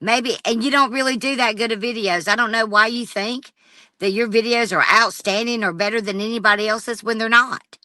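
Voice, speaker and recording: A woman's voice: on the high side, steady tone, fairly quick, sharp tone, no room sound. A woman livestreaming an angry, profane rant straight at a rival. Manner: profane and confrontational, addressing a rival directly.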